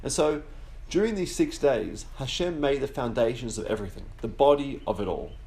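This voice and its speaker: A man hosting a podcast, giving a relaxed religious teaching that slows down on key words and builds through long lists. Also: mid-range voice. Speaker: podcast host teaching on the Sabbath.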